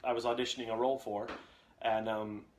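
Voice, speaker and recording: There's a little hiss or hum as a young voice actor streams a casual live Q&A from his home setup, speaking into a condenser mic with a reflection shield. His mid-range, darkish voice is flat and a little fast while he jokes and reads out comments from viewers.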